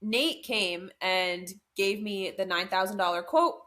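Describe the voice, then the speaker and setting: Animated young woman telling a story. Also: medium pitch, measured pace. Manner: animated storyteller, acts out quoted voices. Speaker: podcast co-host. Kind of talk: casual storytelling chat.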